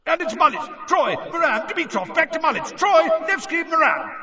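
A man voicing a showy male stadium announcer who calls out names loudly and draws them out. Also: very high voice, lively intonation, echoey room, big-room sound, pitched above the performer's own voice, full character voice. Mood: announcing. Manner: loud, announcing, drawn-out names. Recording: dull lo-fi sound.

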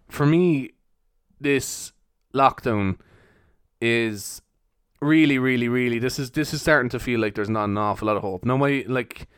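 A man's voice: mid-range voice, fairly bright tone, clear, resonant tone, dry recording, studio quality. A young man from Cork with a Cork Irish accent, hosting a solo podcast in a jokey, rambling way and swearing casually. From Cork, Ireland. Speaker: podcast host.

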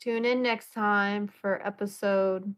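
A woman's voice: mid-range voice, steady tone, slow pace, smooth. A woman co-hosting a podcast, chatting playfully and quoting others. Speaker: podcast co-host. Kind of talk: casual chat.

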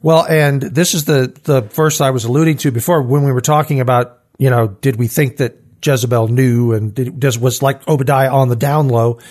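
A man's voice: mid-range voice, normal speed, few pauses. A man co-hosting a casual Bible study talk, reading verses aloud and acting out the quotes with feeling. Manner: animated, acts out scripture quotes with rising voice. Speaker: podcast co-host.

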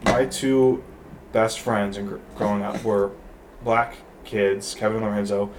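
A man in his thirties from Detroit rambles through a casual podcast chat, full of halting restarts. His voice sits low. He is picked up from a distance, with a faint hiss of noise behind him. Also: steady tone. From Detroit, USA. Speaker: podcast guest. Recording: off-mic with faint background noise.

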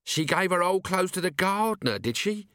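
A man's voice: high-pitched, animated, moderate pace, fairly bright tone, dry recording, studio quality, voice pushed up. A man voicing a scruffy, gloomy male corporal who moans about his troubles, in an audiobook. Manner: moaning, despondent. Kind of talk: audiobook character voice.

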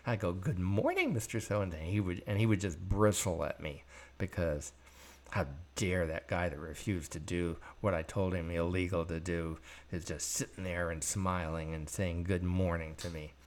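A man's voice: deep voice, fairly even intonation, moderate pace. An older man hosting a podcast, telling stories from his working life in a blunt, profane way and acting out the dialogue. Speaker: podcast host. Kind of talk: storytelling monologue.

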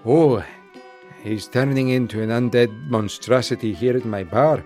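A man voicing a tough female tavern owner in a put-on Scottish accent, gruff and wry, for a tabletop game. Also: mid-range voice, fairly even intonation, normal speed, a little mellow, faint music behind, lightly acted. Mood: wary.

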